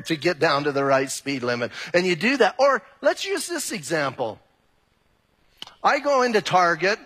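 Animated husky-voiced man preaching. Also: sits high. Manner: animated, conversational preaching with direct questions to the congregation. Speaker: pastor. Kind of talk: sermon. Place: church hall. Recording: long hall reverb.

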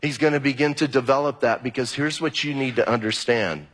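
A man's voice: medium pitch, fairly quick, fairly bright tone. A man preaching a sermon as pastor, talking conversationally and repeating key phrases for emphasis. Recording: long hall reverb.

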